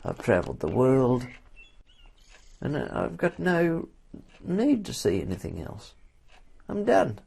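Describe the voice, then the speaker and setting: Man doing a haughty old care-home lady, sarcastic, dry, lively swooping pitch, gravelly. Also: slow pace, exaggerated voice. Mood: grand. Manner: dry, sarcastic, grandly dismissive. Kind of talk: improvised comedy podcast.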